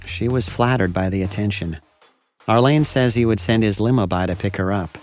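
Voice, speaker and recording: Low-voiced male news narrator. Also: moderate pace, darkish tone, soft background music. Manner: plain, factual delivery. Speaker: narrator, reporter. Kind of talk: scripted narration.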